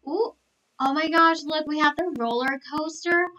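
A young woman live-streaming a game, gushing with excitement, gasping and repeating herself. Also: high-pitched, slow pace, long pauses, soft background music, poor audio.

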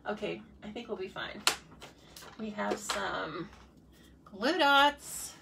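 Chatty woman demonstrating cards, slow pace. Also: mid-range voice, fairly even intonation, vocal fry, background noise. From United States. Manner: chatty, playful, talks to herself and viewers. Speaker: card-making demonstrator. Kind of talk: casual live crafting tutorial.

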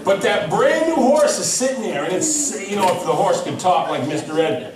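A male pastor preaching a sermon, telling a story with lively, laughing delivery. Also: sits high, normal speed, few pauses. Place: church. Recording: echoey hall from far off.

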